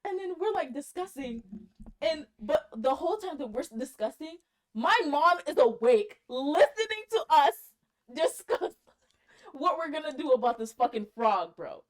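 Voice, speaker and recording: A woman podcast co-host telling a story in casual chat, animated, laughing often and swearing casually. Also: sits high, measured pace.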